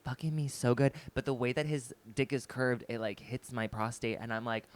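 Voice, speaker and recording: A man's voice: mid-range voice, steady tone, normal speed. A young man co-hosting a podcast, telling a story animatedly and acting out both sides of the conversation. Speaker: podcast co-host. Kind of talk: casual chat, telling a story.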